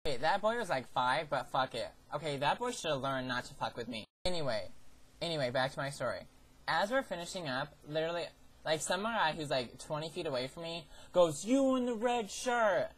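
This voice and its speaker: A man's voice: a little high, lively intonation, fairly quick, fairly bright tone, slightly rough, low-quality recording. A teenage guy vlogging a story about a summer job, in a sassy, profane, theatrical way. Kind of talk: ranting personal storytelling.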